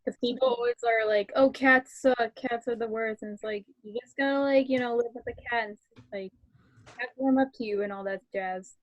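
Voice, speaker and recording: Playful woman caller, higher pitch, lo-fi call audio, dry. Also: fairly even intonation, fairly quick, darkish tone, dry recording. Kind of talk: casual chat.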